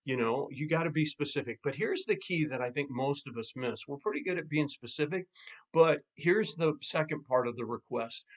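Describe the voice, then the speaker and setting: A man, a pastor and marriage coach, casually teaching in an animated way and acting out quoted spouses. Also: fairly high pitch, moderate pace.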